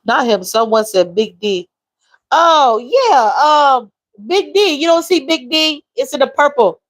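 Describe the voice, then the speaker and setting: A woman chats on a livestream, her voice a little high. She talks openly and emotionally, reading out viewer comments as she goes. The sound is close and dry, as from a phone or webcam. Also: lively intonation, unhurried, no room sound, low-quality recording. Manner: emotional, reads viewer comments aloud, drawls. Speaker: livestream host. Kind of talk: casual live-stream chat.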